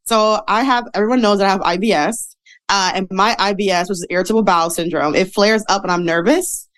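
A woman's voice: mid-range voice, a little fast, a bit bright. A woman in her thirties, a guest telling her story in a candid, chatty, self-deprecating way that is full of fillers and laughs. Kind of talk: casual interview storytelling.

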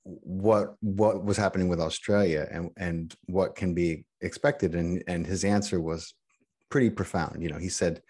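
A middle-aged man talking as a podcast guest in casual chat, halting and restarting often. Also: low voice, fairly even intonation, a little mellow, slightly rough. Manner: halting, many restarts and repeated words.

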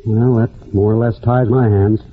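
An actor playing a weary, fair-minded small-town sheriff in a 1940s radio drama, brisk and earnest. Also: male voice, on the low side, fairly even intonation, faint music behind, natural voice. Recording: tinny old radio broadcast.

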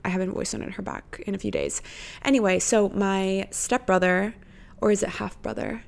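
A woman's voice: mid-range voice, fairly even intonation, normal speed, gravelly. A woman in her twenties hosting a podcast, chatting casually in a rambling, freewheeling way and swearing freely. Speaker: podcast host. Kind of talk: casual chat.

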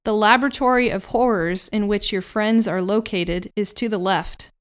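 A woman's voice: medium pitch, normal speed, smooth. A woman running a tabletop game as game master, playful and laughing often.

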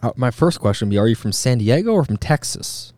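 A man's voice: mid-range voice, big pitch swings, fast talker, mellow, no room sound, clean studio sound. A man co-hosting a casual sports podcast, pressing his co-host for a straight answer.

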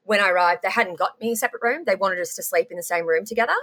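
A young woman telling an interviewer a candid story, animated and swearing freely. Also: medium pitch, racing. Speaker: guest.

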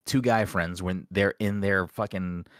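A man's voice: sits low, steady tone, a little slow, dry recording, clean studio sound. A man co-hosting a casual podcast chat, blunt and emphatic, swearing freely. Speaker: podcast co-host.

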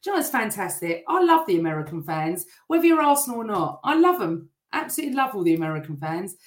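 A middle-aged woman hosting a live stream, chatting and greeting viewers by name while reading their comments, her voice still a little rough. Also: mid-range voice, big pitch swings, fast, reverberant.

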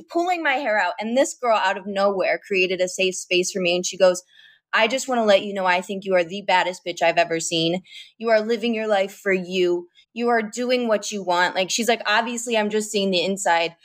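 A young woman in her twenties co-hosting a casual live-stream chat, telling stories in an excited, emphatic way. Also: mid-range voice, fairly quick. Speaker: co-host.

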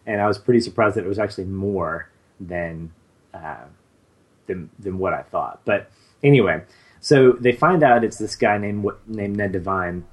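A man's voice: fairly low pitch, moderate pace. A man in his thirties co-hosting a podcast, chatting casually and rambling with many fillers and restarts. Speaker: podcast co-host. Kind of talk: casual chat.

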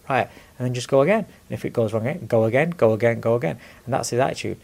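A man in his forties with a gravelly, mid-pitched voice talks earnestly in an unscripted chat. He repeats words and swears bluntly. His tone stays frank and plain. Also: quick pace, hardly any pauses, a little mellow. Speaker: podcast guest, former boxer. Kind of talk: candid conversational chat.

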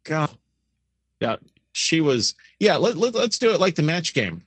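A middle-aged man co-hosting a casual podcast, crude and animated, breaking into loud impressions. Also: unhurried, slightly rough, no room sound. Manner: animated, crude, bursts into high shrieking impressions. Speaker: co-host.

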